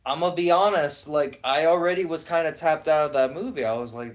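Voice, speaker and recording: Profane, ranting young man, slightly high voice. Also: brisk, few pauses. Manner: heated, profane, sarcastic ranting. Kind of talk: casual ranting chat.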